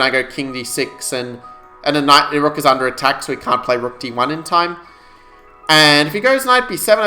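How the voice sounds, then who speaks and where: Bright-voiced man thinking aloud. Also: mid-range voice. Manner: thinks aloud, calculating moves to viewers. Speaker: chess streamer. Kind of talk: live-stream puzzle commentary.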